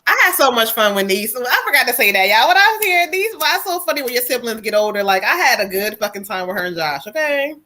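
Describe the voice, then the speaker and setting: A woman's voice: fairly high pitch, sing-song, fast, few pauses, pushed and bright. A woman from New Jersey giving a psychic reading on a live stream, blunt and profane. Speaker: psychic medium.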